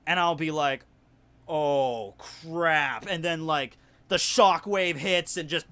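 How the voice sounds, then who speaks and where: A man with a Southern US accent, telling a story in casual livestream chat, rambling and animated with lots of fillers. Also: a little high, unhurried, a little hiss or hum. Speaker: YouTuber hosting a livestream.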